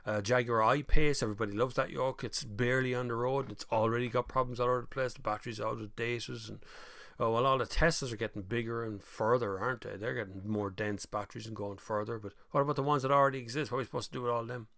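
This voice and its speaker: A man's voice: medium pitch, fairly even intonation, fast, gravelly, a bit bright, dry recording, studio quality. A man with an Irish accent hosting a live stream, chatting casually and reading out viewer comments, with mocking voices when he quotes people.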